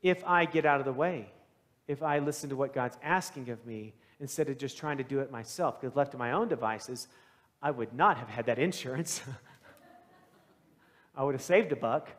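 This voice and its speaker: A man preaching a sermon as pastor, retelling a gospel story in a conversational, animated way and voicing its characters with sudden loud bursts. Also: medium pitch, normal speed, long reverb tail. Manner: conversational, plain-spoken preaching. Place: church sanctuary.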